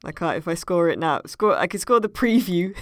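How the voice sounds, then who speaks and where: A woman's voice: fairly low pitch, big pitch swings, fairly quick, no echo, clean studio sound. A woman in casual podcast chat, hesitant and full of ums and uhs.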